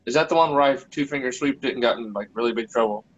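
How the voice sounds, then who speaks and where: A man's voice: mid-range voice, fast. Jokey man with a muffled sound. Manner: jokey, chuckling, chimes in with quips. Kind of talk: casual chat.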